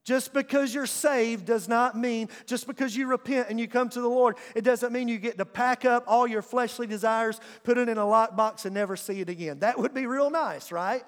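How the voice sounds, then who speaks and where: High-voiced preaching man, long hall reverb. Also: moderate pace, few pauses. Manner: emphatic, calls on the congregation to respond. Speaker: pastor. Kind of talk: sermon. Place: church sanctuary.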